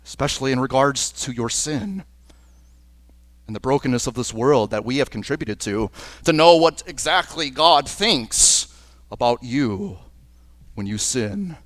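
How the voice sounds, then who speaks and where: A man preaching a sermon as pastor at a church service, earnest and slowing down on key phrases. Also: medium pitch, a bit bright, no room sound. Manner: earnest, with slowed emphatic phrases. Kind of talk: liturgical sermon.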